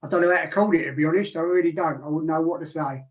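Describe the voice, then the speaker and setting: On a radio show, a man in his sixties, a regular panelist, talks in a fairly high, rapid-fire voice. He drifts through the conversation with frequent restarts and side comments, captured in dull, lo-fi sound.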